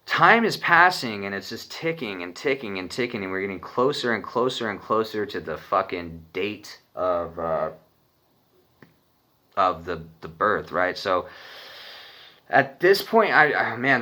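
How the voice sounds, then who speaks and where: A man's voice: on the low side, pushed and bright. A young man from Arizona telling a personal story in a rambling, profane, casual way. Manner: profane, rambling, laughs when nervous.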